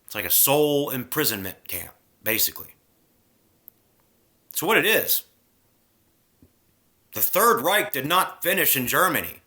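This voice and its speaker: A man delivering a heated, profane spiritual rant straight to camera. His voice is bright and forceful, and its pitch swings widely as he preaches. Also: very animated, measured pace, long pauses.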